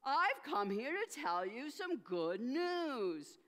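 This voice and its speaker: A woman speaking as a gentle angel in a reverberant sanctuary. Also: sits high, sing-song, slow pace, full character voice. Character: gentle reassuring angel messenger. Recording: long church hall reverb.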